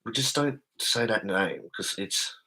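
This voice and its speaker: A man's voice: fairly low pitch, unhurried, pushed and bright, breathy edge, rough recording. An Australian man hosting a casual late-night live stream, stammering as he reads chat messages aloud and keeping his voice down for people asleep. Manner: keeps voice down, people sleeping. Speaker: livestream host.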